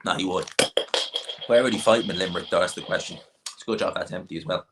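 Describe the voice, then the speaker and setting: A man hosting a livestream, reading viewer comments and rambling offhand about boxing with quick asides. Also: sits low, heavy background noise. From Ireland. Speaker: livestream host.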